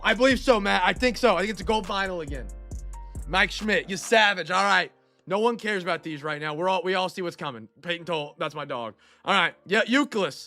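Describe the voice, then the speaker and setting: A high-pitched man with a bright, gravelly voice hosts a live card break. He is excitable and shouts over big pulls. He talks through a stuffed nose, with faint music behind him.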